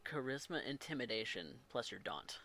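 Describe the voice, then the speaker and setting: A man's voice: medium pitch, normal speed. A man narrating a tabletop role-playing game as game master, restarting phrases as he goes. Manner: animated narration with frequent restarts.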